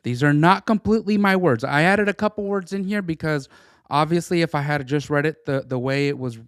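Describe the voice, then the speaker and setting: A middle-aged man co-hosting a casual political podcast, talking in an animated, stammering, jokey way. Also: fairly high pitch, a little fast, clear, resonant tone, dry recording, studio quality. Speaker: podcast co-host.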